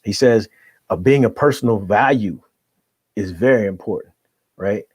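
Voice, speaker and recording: A man's voice: fairly low pitch, normal speed, a little mellow, husky, dry recording. A middle-aged man, a guest coach, giving emphatic motivational talk on a podcast and checking in with his listener after each point. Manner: emphatic, keeps checking in with "right?".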